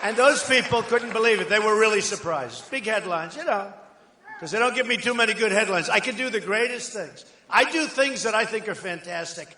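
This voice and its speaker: A man's voice: high-pitched, animated, fairly quick, background noise. A man giving a campaign rally speech, boastful and repetitive, with rambling asides. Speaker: political candidate addressing a rally. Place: large rally hall. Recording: echoey hall with long reverb.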